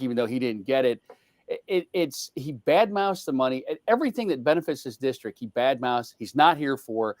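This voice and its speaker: A man's voice: medium pitch, lively intonation, fairly quick, no echo. An older man in casual political chat, blunt and profane, rambling with many restarts. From outside the South. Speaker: co-host.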